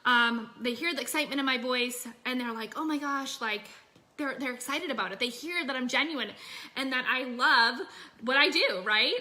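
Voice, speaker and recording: Energetic chatty woman coaching online. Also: high voice, moderate pace. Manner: energetic, chatty, full of fillers and "you guys". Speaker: business coach. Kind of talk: casual coaching talk to an online group. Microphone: phone.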